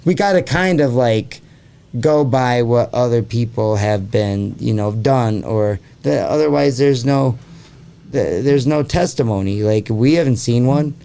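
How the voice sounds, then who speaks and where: A man's voice: mid-range voice, unhurried, creaky, mellow, clear, resonant tone. A man hosting a podcast in casual chat, rambling with lots of fillers and swearing freely. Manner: rambling, heavy on fillers like "like" and "you know". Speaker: podcast host.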